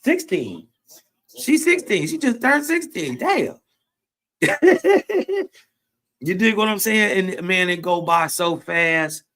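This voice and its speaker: Male guest, Southern US accent, slow bright delivery, grieving and reflective. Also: sits high, sing-song. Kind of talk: emotional livestream talk.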